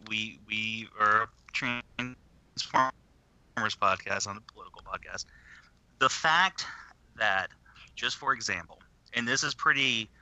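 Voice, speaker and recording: A man co-hosting a podcast in casual chat, talking in an animated, emphatic way with some swearing. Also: fairly low pitch, dry recording. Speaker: podcast co-host.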